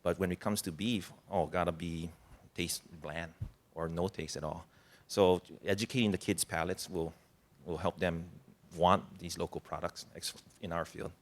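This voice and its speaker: A man who runs a ranch, speaking haltingly on a panel. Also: sits low, steady tone. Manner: halting, with restarts. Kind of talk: panel talk.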